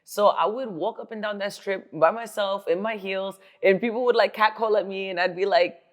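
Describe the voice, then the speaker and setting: A middle-aged woman hosting a podcast, with a slight Spanish-tinged Tampa accent, chatting casually, animated and quick to laugh. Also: medium pitch. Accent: Tampa, Florida, with a slight Spanish tinge. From New York, raised in Tampa, Florida. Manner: animated, laughs often, acts out quoted voices. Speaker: podcast host. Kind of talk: casual chat.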